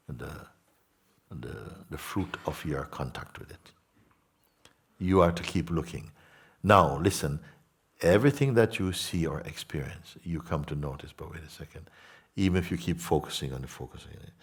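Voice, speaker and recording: Low husky-voiced spiritual teacher. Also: male voice. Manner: gentle, unhurried, repeats words and asks listeners questions. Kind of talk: satsang talk to an audience.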